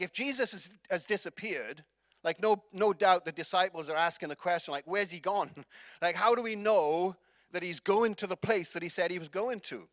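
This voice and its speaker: A middle-aged Welsh man preaches a sermon in a relaxed, chatty way, full of fillers and quick asides. His voice sits high for a man. The sound is dry and close, with no room around it. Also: dry recording. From Wales. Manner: chatty, laughing storyteller with many fillers. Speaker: pastor.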